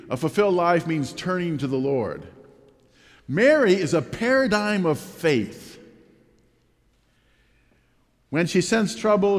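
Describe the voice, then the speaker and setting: Pastor guy preaching slow, voice swings up and down a lot, long hall echo behind him. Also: mid-range voice. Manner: expressive preaching with rhetorical questions. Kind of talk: sermon.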